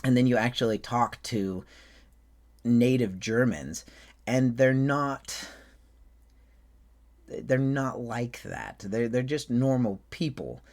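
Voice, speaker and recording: A Renaissance faire performer talks casually about his accent technique, speaking slowly with long pauses and a somewhat mellow tone. His English carries a put-on German accent layered over a slight Southern and Western American one. When he shows off his flamboyant character, his voice jumps up high.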